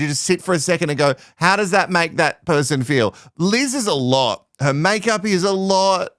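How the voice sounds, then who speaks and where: A man's voice: sits high, lively intonation, moderate pace, few pauses, fairly bright tone, no room sound, clean studio sound. A man giving sarcastic, laughing commentary on a reality TV show. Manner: sarcastic, mocking, laughs often. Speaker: commentary host. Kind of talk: casual reality TV recap commentary.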